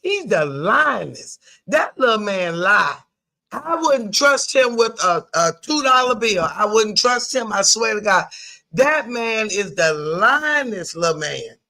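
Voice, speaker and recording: A man co-hosting a casual sports show, his voice high for a man and bright. He hammers home his opinions by saying them again and again. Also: sing-song, slow, vocal fry. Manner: emphatic, repeats his point. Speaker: sports talk show co-host.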